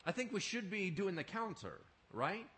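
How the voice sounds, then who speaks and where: Male pastor preaching, bright voice, big swings in pitch, keeps asking the crowd stuff. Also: normal speed. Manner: animated, emphatic, asks the crowd questions. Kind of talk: sermon.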